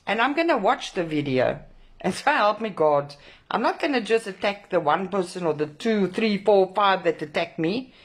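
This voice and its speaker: A South African woman with a medium-pitched, breathy voice speaks at a moderate pace with lively intonation. She is a protest organiser, emotionally shaken after a clash, delivering an angry rant straight to camera full of heavy swearing and emphatic repetition.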